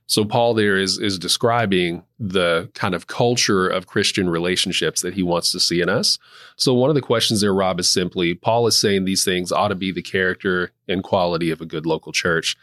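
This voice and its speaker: A man with a low voice hosts a casual Bible study discussion in a measured way. He puts questions to his co-host and affirms him gently. The sound is dry and close-miked. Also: no echo. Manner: measured, reads scripture aloud and asks questions, gentle affirming fillers. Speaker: church host.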